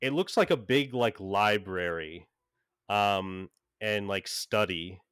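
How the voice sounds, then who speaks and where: A man's voice: on the low side, takes it slowly, fairly bright tone, clear, resonant tone, no echo, clean studio sound. A man running a tabletop game as game master, narrating in a rambling way full of fillers and restarts.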